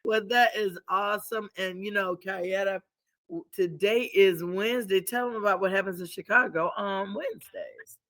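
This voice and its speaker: Bright-voiced lady host, upbeat and pushy in a fun way, laughs a lot. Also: mid-range voice, steady tone, normal speed, no echo. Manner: upbeat, urging, laughs often. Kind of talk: casual talk show chat.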